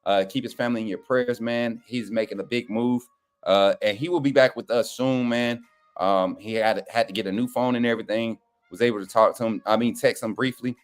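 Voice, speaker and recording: This young sports-show co-panelist has a medium-pitched voice and a brisk pace. He keeps things relaxed and folksy in casual live stream chat, calling his viewers y'all.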